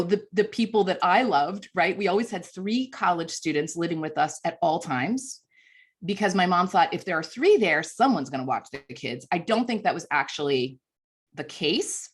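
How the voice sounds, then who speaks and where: A woman in her fifties, a communications coach giving a lively, chatty storytelling speech at a conference. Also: on the low side, normal speed, husky. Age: 50s. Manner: lively, chatty, self-deprecating.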